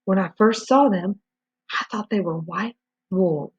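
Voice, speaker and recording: A jumpy, excitable hunter man, high-pitched and breathless in his worry, as a woman reader puts him on. His husky voice comes through a dull, lo-fi recording as he hurries through his words. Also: unhurried. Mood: eager. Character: excitable middle-aged male hunter, shaken.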